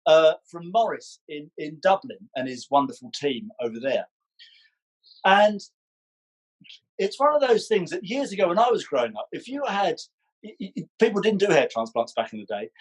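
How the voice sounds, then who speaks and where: A man, chatting as a podcast guest and telling stories in a playful, animated way. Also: a little high, moderate pace, slightly rough, rough recording. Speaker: podcast guest, ballroom dancer. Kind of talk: casual chat.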